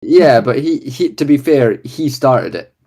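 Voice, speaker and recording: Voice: mid-range voice, lively intonation, a little slow, mellow. A tabletop game player chatting casually and bluntly.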